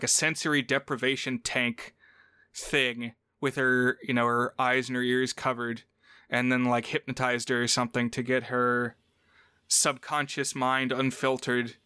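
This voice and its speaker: Bright, smooth-voiced man talking films. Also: mid-range voice, unhurried, no echo, studio quality. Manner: animated retelling, quoting characters in raised voices. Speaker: podcast co-host. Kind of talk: casual film review chat.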